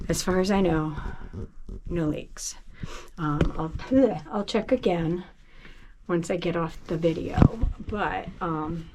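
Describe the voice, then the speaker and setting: A woman's voice: medium pitch, gravelly, background noise. A woman from New England on her boat, out of breath, chatting in a casual, rambling vlog style. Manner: chatty, laughing, slow and rambling. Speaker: boat vlogger. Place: on a boat, below deck.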